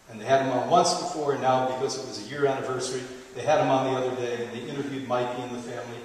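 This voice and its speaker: A man's voice: medium pitch, distant mic. A middle-aged man giving a live health lecture to an audience, a playful storyteller who jokes as he talks. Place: large hall. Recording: echoey hall, taped from afar.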